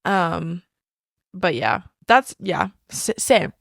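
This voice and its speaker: A woman's voice: fairly low pitch, drawn-out words, vocal fry, fairly bright tone, no echo. Young female podcast co-host, hesitant, trails into murmurs, dry mic. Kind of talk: casual book club chat.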